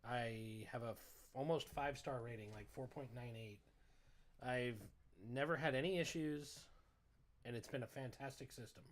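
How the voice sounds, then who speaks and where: A man's voice: mid-range voice, moderate pace. A man co-hosting a podcast, telling a story in a casual, exasperated rant full of profanity. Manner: animated, exasperated ranting with profanity. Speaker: podcast co-host.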